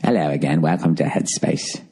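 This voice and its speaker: A man doing a mocking impression of a calm male meditation guide with a British accent, slow and gentle. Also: extremely low pitch, slight background noise, voice pushed down. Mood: soothing.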